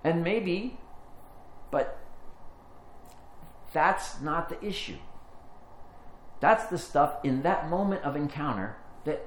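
A man preaching a sermon, telling a personal story in an earnest way, rising when he retells the moment and going low and soft as he reflects. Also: animated, takes it slowly, long pauses. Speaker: pastor. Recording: echoey room with faint ambient noise.

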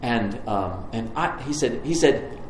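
A man preaching a sermon, telling a personal story with lively restarts and repetitions. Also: medium pitch, a little slow, reverberant, slight background noise, poor audio. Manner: storytelling, animated, stumbling restarts. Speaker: pastor.

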